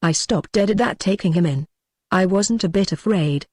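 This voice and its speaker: A man reading the part of an earnest gentleman who confides his ghost encounter to friends in an audiobook. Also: high-pitched, moderate pace, no room sound, studio quality.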